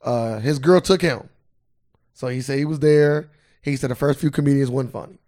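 A man co-hosting a podcast, telling an animated story in casual banter, swearing freely. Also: medium pitch, moderate pace. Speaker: podcast co-host.

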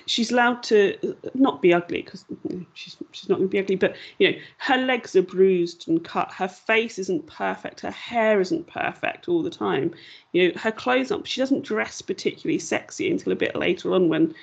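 A woman's voice: medium pitch, normal speed, creaky, husky, lo-fi sound. A woman hosting a casual film discussion podcast, talking in a rambling, self-deprecating way. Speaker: podcast host.

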